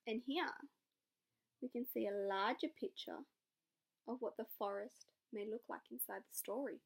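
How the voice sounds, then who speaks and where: A woman's voice: on the high side, normal speed, creaky. A young woman teacher reading a picture book aloud to children, asking the class encouraging questions. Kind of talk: read-aloud lesson for children.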